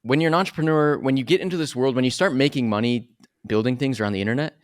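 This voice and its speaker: A man's voice: mid-range voice, fast talker. A young man co-hosting a podcast in casual chat, chatty and self-mocking with lots of fillers. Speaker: podcast co-host.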